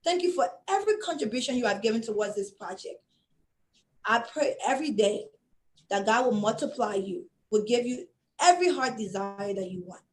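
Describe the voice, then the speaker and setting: A woman from Liberia makes an impassioned closing appeal as an interview guest, her voice sitting a little high. She speaks earnestly, close to tears, and repeats her phrases for emphasis. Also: animated, normal speed, a little mellow, slight background noise, poor audio. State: tearing up. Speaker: guest, project founder.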